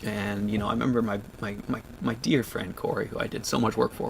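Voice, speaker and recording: Gravelly-voiced man choked up on a livestream. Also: lowish voice, steady tone, a bit bright, slight background noise. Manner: tearful, halting, many restarts. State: choked up, near tears. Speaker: vlogger on a livestream. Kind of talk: emotional livestream chat.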